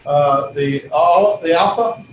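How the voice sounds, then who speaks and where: A man's voice: fairly high pitch, takes it slowly, slight background noise. A man teaching a classroom lecture, informal and full of fillers and self-corrections. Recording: echoey classroom from far off.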